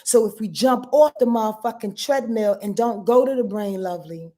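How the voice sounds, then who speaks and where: A woman's voice: fairly high pitch, moderate pace, dark tone. Profane, emphatic woman astrologer. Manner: profane, emphatic, talks straight to her viewers; reads out and answers viewer comments. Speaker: astrologer and channel host. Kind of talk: casual live astrology rundown.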